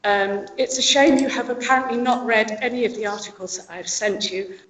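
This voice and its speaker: A woman councillor with a hoarse, fading voice, speaking pointedly in a council debate. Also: a little high, fairly even intonation, fairly quick, a bit bright. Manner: pointed, confrontational. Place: town hall council chamber. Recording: echoey hall with long reverb.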